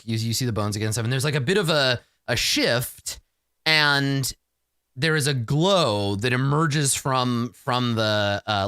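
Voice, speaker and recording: A man's voice: mid-range voice, a bit bright, clean tone, dry recording, studio quality. A man narrating as game master, rambling with fillers and restarts.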